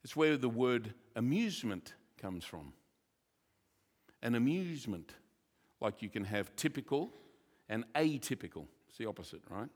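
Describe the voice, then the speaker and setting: A man who is a church pastor, preaching a sermon with jokes and lively asides. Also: medium pitch, moderate pace, long pauses. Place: church hall. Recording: reverberant church hall.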